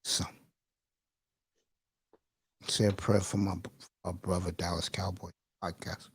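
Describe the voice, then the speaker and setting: In a deep, husky, level voice, a livestream host chats unhurriedly with his audience, addressing them as bro and folks. He rambles and grows emotional, and the recording carries no room sound.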